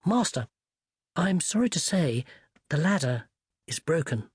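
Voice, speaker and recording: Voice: medium pitch, sing-song, measured pace, breathy edge, dry recording, clean studio sound, heavily acted. A reader voicing a polite, earnest young boy who speaks in a posh and deferential way. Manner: polite and deferential, says sir.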